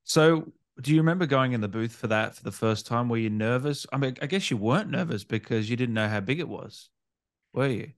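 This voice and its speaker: A man hosting a casual gaming interview, asking questions in a relaxed way. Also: mid-range voice, a little fast.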